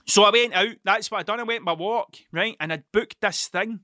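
A man rambles through a solo podcast monologue, peppering every sentence with swearing and doubling back mid-thought. His voice sits a touch high and comes across bright and forceful, recorded dry and close with no room sound. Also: normal speed, no room sound. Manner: swears constantly, restarts and digresses. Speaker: podcast host.

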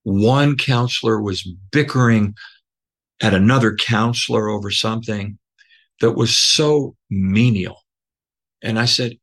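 A man guest telling a personal story, earnest and emotional, halting with many fillers and restarts. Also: lowish voice, a bit bright. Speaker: podcast guest.

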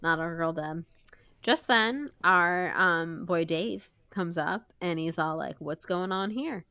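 A woman's voice: fairly low pitch, slow, bright, forceful tone, clear, resonant tone, no echo. A young woman co-hosting a book podcast, recapping a chapter in loose, laughing chat full of fillers. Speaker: podcast co-host. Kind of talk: casual book-club chat.

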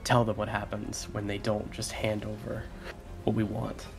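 A man voicing a scheming adventurer who murmurs quiet threats. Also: fairly low pitch, completely flat delivery, normal speed, creaky. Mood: menacing.

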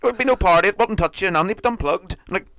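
A man's voice: sits high, lively intonation, quick pace, gravelly, a bit bright, slight background noise. A man with a Scottish accent hosting a podcast in casual comedic chat, crude and jokey, slipping into put-on voices. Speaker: podcast host.

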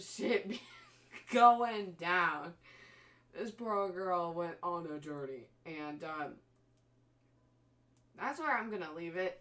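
A woman's voice: lowish voice, far from the mic. A woman casually retelling a horror film plot, swearing freely and mimicking the characters' voices. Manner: profane, animated storytelling with mimicked voices.

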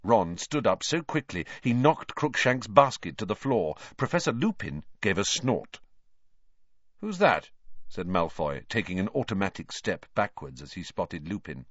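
A man reading a story aloud as an audiobook narrator, in measured, expressive storytelling. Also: sits low, no echo. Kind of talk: scripted narration. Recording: dry, slightly muffled recording.

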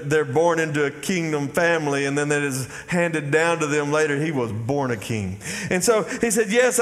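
A man preaching a sermon as pastor, with a folksy manner, calling out to the congregation. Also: a little high. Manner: folksy preaching, calls out "y'all" and "Amen?" to the congregation. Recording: long hall reverb.

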